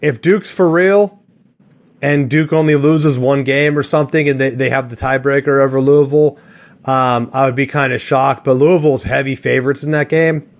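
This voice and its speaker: A man chats casually on a sports podcast, rambling from point to point with jokes and strong opinions. His voice sits at an ordinary middle pitch. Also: steady tone, normal speed.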